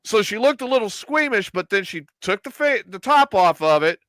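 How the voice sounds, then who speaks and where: A man's voice: high voice, big pitch swings, moderate pace, fairly bright tone, no room sound. A middle-aged man hosting a casual chat, telling a story and acting out the quotes. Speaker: podcast host telling a story.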